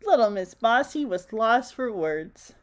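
A woman reading a children's picture book aloud in a gentle, expressive way, chatting to her listeners. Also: on the high side, measured pace. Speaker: storybook reader. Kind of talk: children's story read-aloud.

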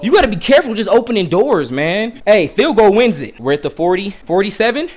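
A young man giving excited live commentary on a football video game, bursting into shouts with friends in the room. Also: high voice, a little fast. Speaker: gameplay commentator. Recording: loud music over the voice.

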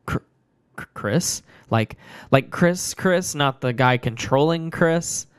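Guy putting on a panicky lady doctor, way up high, stammering and strained, sounds kinda different from his normal voice, clean crisp sound. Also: slow. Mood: bewildered. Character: frantic trapped woman doctor, desperate. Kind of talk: storytelling voice acting.

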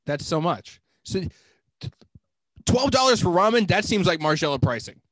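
A man with a notably high voice argues playfully with his co-host and swears casually. He pushes his points with a joking edge. The recording is dry and close, with no room sound. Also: sing-song, normal speed, a bit bright, no echo. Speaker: podcast co-host. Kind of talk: casual chat.

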